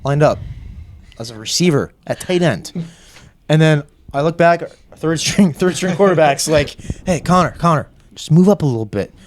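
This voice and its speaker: A young man tells a long story on a podcast, casual and self-mocking, acting out everyone's lines. His pitch sits a little higher than most men's and jumps around a lot as he gets into it. A faint hiss runs under the recording. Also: normal speed. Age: young adult. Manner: animated, self-mocking, acts out quotes. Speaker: podcast guest.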